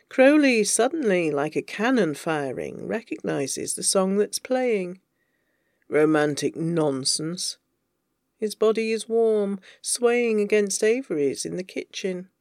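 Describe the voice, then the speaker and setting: A narrator reading fan fiction aloud, with even, wry storytelling. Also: mid-range voice, no room sound, clean studio sound.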